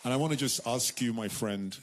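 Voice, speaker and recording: A middle-aged man preaching a sermon, telling a story with lively repetition and acting out the voices of the people in it. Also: mid-range voice, fairly quick. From United Kingdom. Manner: animated storytelling, repeats words, acts out voices.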